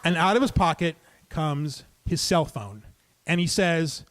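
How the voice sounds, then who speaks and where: A man's voice: on the high side, expressive, a little slow, fairly bright tone. A man telling a true story to a live audience in a comic, conversational, wry manner.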